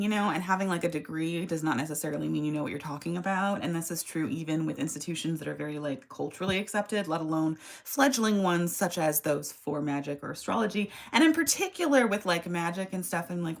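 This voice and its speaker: A woman in her thirties, a tarot and astrology host, chatting to camera in a rambling, animated way with many asides. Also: lowish voice. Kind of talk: casual chat to camera.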